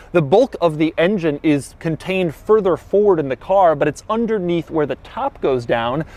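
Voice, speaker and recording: A man's voice: on the high side, darkish tone. A man giving a casual, enthusiastic car walkaround review with wry asides.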